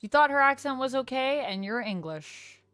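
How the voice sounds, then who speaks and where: A woman's voice: high voice, moderate pace, clear, resonant tone, no room sound, studio quality. A young woman hosting a live stream, chatting casually with her chat, her voice leaping up on surprised questions. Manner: animated, voice leaps up on surprised questions. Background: faint lo-fi music.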